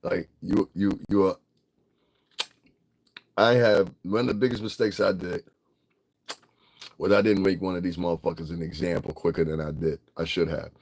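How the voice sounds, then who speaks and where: A man's voice: deep voice, fairly even intonation, moderate pace, long pauses, darkish tone. A middle-aged man from Connecticut, ranting bluntly and profanely in a casual livestream, laughing often. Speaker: vlogger.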